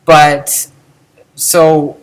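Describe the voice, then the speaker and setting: A man's voice: on the high side, level tone, extremely slow, clear, resonant tone. A man giving an informal video lecture on Ancient Greek, thinking aloud and demonstrating pronunciations.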